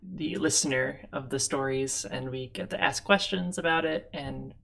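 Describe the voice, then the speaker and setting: A rambling, chatty host of a live-streamed tabletop show, talking from a home desk setup over an online call. The voice sits at a middle pitch with a gravelly, fry-edged texture, and laughs break in often. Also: normal speed, fairly bright tone. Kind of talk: casual chat on a live stream.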